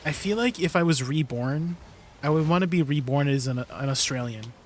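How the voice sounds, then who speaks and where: A man's voice: fairly high pitch, expressive, moderate pace, a little hiss or hum. A man casually chatting on a game stream, explaining gear and greeting viewers from chat.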